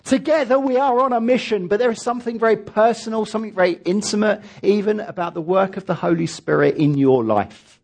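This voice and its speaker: A man's voice: sits high, a little fast, creaky, few pauses, a little mellow. A man preaching a sermon as pastor, emphatic and leading his congregation in reading aloud.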